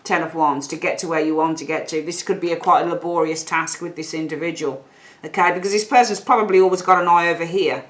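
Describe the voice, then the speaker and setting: A woman's voice: low-pitched, fairly even intonation, quick pace, fairly bright tone. Chatty woman reading tarot. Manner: chatty, direct, repeats phrases for emphasis. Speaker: tarot reader.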